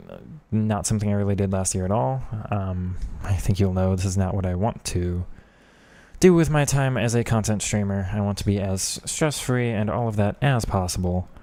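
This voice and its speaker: A man's voice: on the low side, a little mellow, no echo. A man streaming a football video game, talking casually and with frustration at the match while chatting with viewers. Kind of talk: casual gaming commentary.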